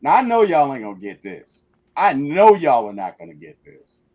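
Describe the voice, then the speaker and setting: High, animated man on a dull mic. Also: normal speed. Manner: playful, teasing, leads the talk. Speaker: host. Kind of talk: casual sports chat on a live stream.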